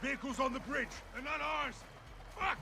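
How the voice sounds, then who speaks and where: An actor playing an urgent male soldier in a war game, barking gruff orders. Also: very high voice, normal speed, sharp tone, soft background music, heavily acted. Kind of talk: game cutscene dialogue.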